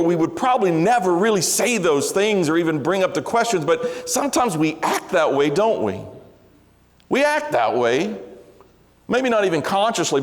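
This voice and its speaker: Conversational preacher in a reverberant church. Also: male voice, sits high. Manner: earnest, conversational with self-deprecating humor. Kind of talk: sermon. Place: large church sanctuary. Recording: long hall reverb.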